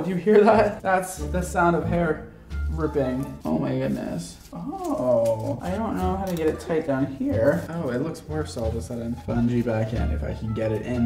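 Male stylist-vlogger, self-mocking and exclaiming, voice swings high and low, echoey room. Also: dark tone. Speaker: hairstylist. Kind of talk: casual vlog chat. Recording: roomy echo, faint music.

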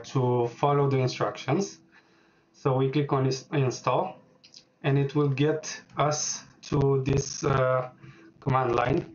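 A man walking through a software setup on screen, speaking hesitantly with many filler words as he types. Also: medium pitch, muffled recording. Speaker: programming tutorial host. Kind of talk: screen-recorded software tutorial.

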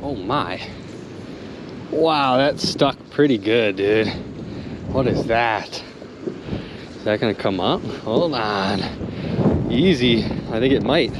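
A man hosting a magnet fishing vlog from a boat on a river, exclaiming excitedly and talking straight to his viewers. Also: medium pitch, slow pace, long pauses. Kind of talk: excited outdoor vlog narration. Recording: clear outdoor boat and water noise. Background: boat and water noise.

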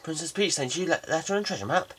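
A man doing a pompous, stuffy old-fashioned gentleman who talks slowly and formally, in a game let's play. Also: a little high, expressive, husky. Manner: pompous, slow, drawn-out speech.

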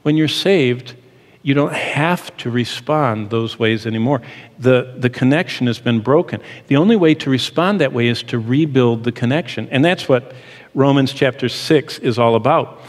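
A man's voice: mid-range voice, normal speed. A middle-aged man teaching a sermon in an earnest, emphatic, explanatory way. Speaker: Bible teacher. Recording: long hall reverb.

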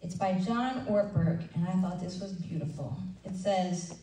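A woman leading a women's ministry breakfast, preaching in a conversational, animated way and acting out little asides. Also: on the low side, measured pace. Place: church event room. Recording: roomy hall sound from a distant mic with faint noise.

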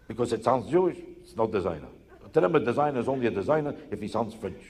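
Male stand-up comic, insistent and repetitive, on stage in an echoey hall before a live crowd. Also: on the high side. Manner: rapid, insistent, rhetorical questions and repetition. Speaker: stand-up comedian. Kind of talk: stand-up comedy routine.

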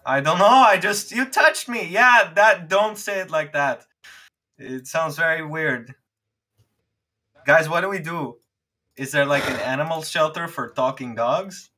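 A man's voice: fairly high pitch, unhurried, sharp tone. A man playing in a tabletop game, talking casually in a flustered, bewildered way. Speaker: player.

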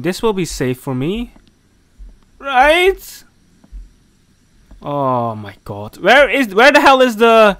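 With a high, bright voice whose pitch leaps all over, a gaming commentator narrates a horror game while playing. He mutters to himself, scolds the characters in mock outrage, and yelps when startled, recorded dry and close to the mic.

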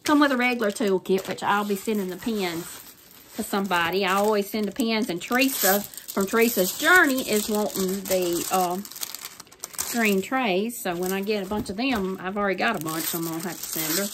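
A woman's voice: medium pitch, moderate pace, noisy background. An older woman with a Southern US accent, chatting casually and gushing through a craft unboxing with folksy phrasing. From Southern United States. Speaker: crafting YouTuber.

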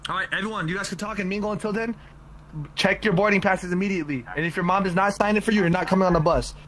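A man playing a teacher in an improvised game role-play, bossy and hurried, giving orders over the noise. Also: sits high, fairly even intonation. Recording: loud crowd of players behind.

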